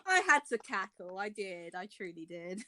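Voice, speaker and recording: A woman's voice: medium pitch, lively intonation, moderate pace, pushed and bright, dry recording. Woman, podcast co-host, casual chat, theatrical and gushing, dry close sound. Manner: gushing and theatrical, with gasps and cackles.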